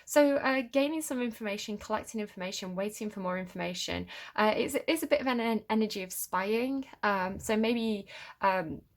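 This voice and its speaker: A middle-aged woman talking through a tarot spread in a casual, encouraging way. She thinks aloud, pauses on fillers and restarts, and her voice sits at an ordinary pitch for a woman. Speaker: tarot reader.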